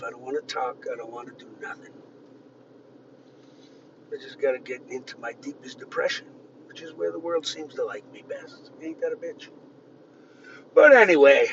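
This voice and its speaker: A man in his fifties telling rambling personal stories in a gruff manner, swinging between loud outbursts and low muttering. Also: background noise. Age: 50s. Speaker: vlogger. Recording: distant, dull lo-fi with faint ambience.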